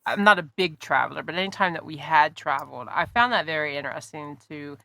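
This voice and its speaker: A woman's voice: deep voice, expressive, brisk, pushed and bright, dry recording, studio quality. A woman hosting an interview podcast who asks rambling questions and searches for her words. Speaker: podcast host. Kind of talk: casual interview chat.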